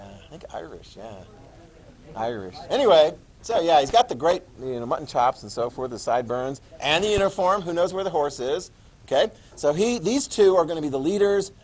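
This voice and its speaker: A man teaching a history class, animated, asking his students questions and answering them himself. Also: a little high, slight background noise. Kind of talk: classroom lecture.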